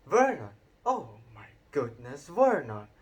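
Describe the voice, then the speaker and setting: A man's voice: a little high, wildly swooping pitch, takes it slowly, breathy edge, heavily acted. A man reading a storybook aloud and voicing a nervous middle-aged woman with a quivering, fretful voice.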